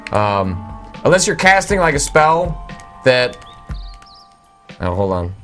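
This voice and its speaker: Halting man narrating his gameplay. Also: medium pitch, sing-song, a bit bright. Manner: halting, full of "uh" and "um". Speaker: video game show co-host. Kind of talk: casual gameplay commentary. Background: game music.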